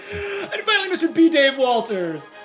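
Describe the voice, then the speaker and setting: A man's voice: high-pitched, fairly bright tone, muffled recording. A man narrating a tabletop game as game master, telling the story in a grand, theatrical way from his home.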